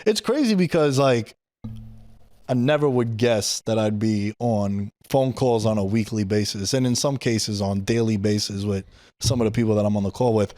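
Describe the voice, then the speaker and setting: A man's voice: fairly low pitch, normal speed, dark tone, no room sound. A man with a New York accent, hosting a podcast and telling a story in casual, slangy talk, swearing freely. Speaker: podcast host. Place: podcast studio.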